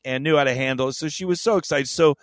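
A man's voice: mid-range voice, quick pace, no echo. A man co-hosting a podcast, telling a story in a rambling, profane, joking way. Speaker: podcast co-host. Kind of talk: casual chat.

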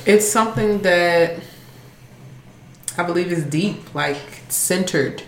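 A woman's voice: fairly low pitch, slow pace. A woman co-hosting a podcast, musing reflectively in casual chat. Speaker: podcast co-host. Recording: roomy echo with faint noise.

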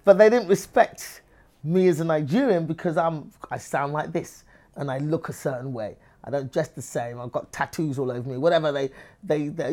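A woman's voice: low-pitched, fast, darkish tone. A woman with an English accent, a comedian talking as an interview guest, who acts out other people's voices as she tells stories. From England. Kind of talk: lively interview conversation.

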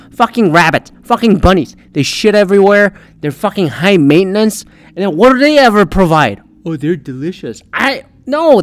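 A young adult man hosting a podcast, ranting in a rambling, profane, animated way. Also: high voice. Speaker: podcast host. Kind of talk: profane solo rant.

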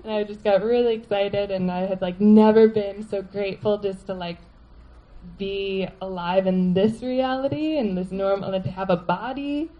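A woman telling a personal story to a live audience, animated and laughing, full of "like" fillers. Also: mid-range voice, moderate pace, dull audio, slight background noise.

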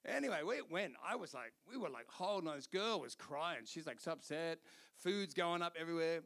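Australian male pastor, sermon, high bright tone, animated storyteller. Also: brisk. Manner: animated storytelling, laughing, doing voices.

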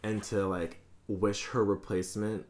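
A man's voice: fairly low pitch, level tone, a little slow. A man co-hosting a podcast, chatting casually and candidly about a film, joking and swearing freely. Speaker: podcast co-host.

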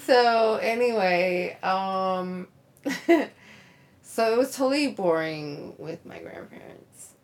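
A woman's voice: mid-range voice, slow pace. A woman casually telling a long, rambling personal story with many likes and ums, laughing along the way. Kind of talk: casual chat.

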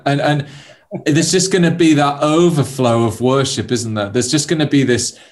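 A man's voice: medium pitch, moderate pace. Affirming man hosting a faith interview. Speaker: interview host.

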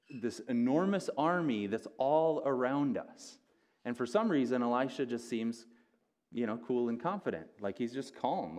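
A man's voice: mid-range voice, a little mellow. A man, a pastor, preaching an earnest, conversational sermon and often restarting his phrases.

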